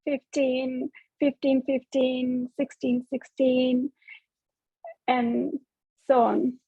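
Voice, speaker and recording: A woman asking a question in a group session, speaking hesitantly and quietly with fillers. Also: high voice, level tone, drawn-out words, husky, dry recording. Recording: thin phone-like call audio.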